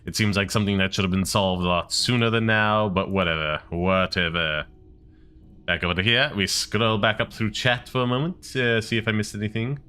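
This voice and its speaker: Male streamer, casual wry play-by-play with rants, game music clearly audible underneath. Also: on the low side, pushed and bright. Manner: chatty, wry and quick to rant. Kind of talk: casual gameplay commentary.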